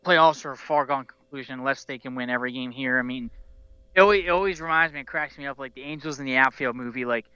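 Guy ranting about his football team, bright crisp voice, dry slightly dull audio. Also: mid-range voice, fast, no echo. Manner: rambling, passionate fan, many restarts. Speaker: podcast host. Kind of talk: casual sports talk.

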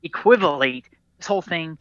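A man's voice: a little high, expressive, normal speed, sharp tone, dry recording. A man hosting a sports podcast, talking casually and rambling, with frequent restarts and a lot of "dude". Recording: dull lo-fi dry recording.

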